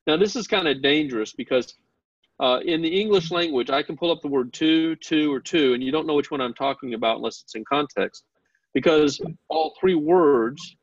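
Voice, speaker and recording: Gravelly man teaching a Bible class. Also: medium pitch, dry recording. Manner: earnest and excited, poses questions to the class. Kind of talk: classroom lecture. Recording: dull lo-fi class recording.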